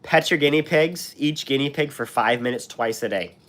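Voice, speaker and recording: A young American channel host, his throat sore and scratchy from illness, chats through a live stream and responds to comments. He talks at normal speed in a mid-range, slightly bright voice, rambling with frequent fillers and restarts.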